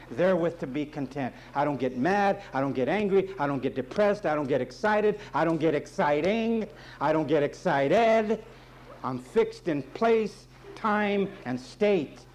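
A man's voice: on the high side, darkish tone, slight background noise. A man preaching as pastor, emphatic and repetitive, with folksy asides and jokes. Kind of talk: sermon.

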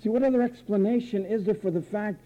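A man's voice: high voice, fast talker, muffled recording. A man preaching a sermon, theatrical, acting out voices and repeating phrases for effect.

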